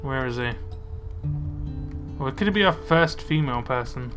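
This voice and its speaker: A man's voice: medium pitch, animated, moderate pace, music in the background. A young man casually commenting on his gameplay, muttering to himself as he plays. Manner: chatty, muttering to himself while playing. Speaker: let's play gamer.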